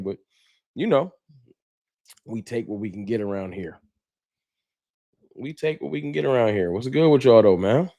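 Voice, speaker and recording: A laid-back man with a medium-pitched, slightly mellow voice hosts a casual fan livestream, chatting easily into his mic as viewers arrive. His voice sits mid-range for a man, and he keeps up an easygoing, slangy, friendly rhythm.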